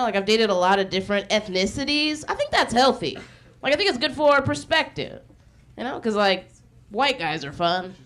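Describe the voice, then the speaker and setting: A woman doing stand-up comedy on a club stage in a quick, chatty way, acting out quoted lines. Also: mid-range voice, a bit bright. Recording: crowd and noise in the club.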